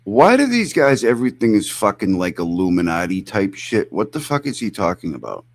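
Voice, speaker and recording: A man's voice: fairly low pitch, wildly swooping pitch, fairly quick. A man streaming live, reacting to clips with mocking, profane, incredulous commentary.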